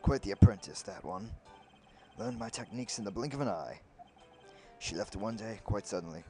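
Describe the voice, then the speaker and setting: A grand, self-important older lawyer from a video game, as a man puts him on in a low voice. He lingers over his words and clears his throat with great theatre. Faint music plays behind him. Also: expressive, moderate pace, a little mellow, natural voice. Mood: pompous. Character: pompous older male lawyer.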